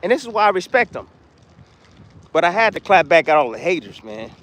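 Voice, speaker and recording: A man with a notably high voice talks in a loose, casual monologue. He is blunt and repeats his points, trash-talking freely in the manner of a former boxer giving his opinions. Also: very animated, brisk, a bit bright.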